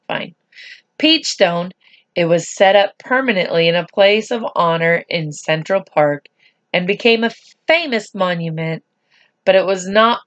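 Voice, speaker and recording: In a mid-range voice, a woman slowly and gently reads a children's storybook aloud, chatting with her young listeners along the way.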